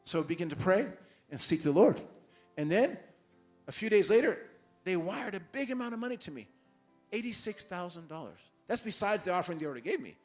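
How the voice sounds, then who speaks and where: A man preaching a sermon in a church, telling stories and acting out the dialogue with animated restarts. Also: high-pitched, fairly quick, faint music behind. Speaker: guest preacher. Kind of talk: sermon with storytelling. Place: church hall.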